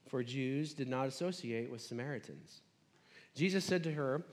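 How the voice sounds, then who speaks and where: A man's voice: medium pitch, brisk, in a large hall. A man preaching a sermon in a conversational, casual way, retelling a scripture story.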